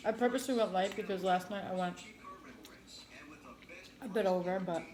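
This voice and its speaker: Woman co-host, dry teasing chat, mid pitch, roomy echo. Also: moderate pace, a little mellow. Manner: dry, teasing, laughs often. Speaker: mukbang co-host. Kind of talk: casual chat while eating. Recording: echoey room.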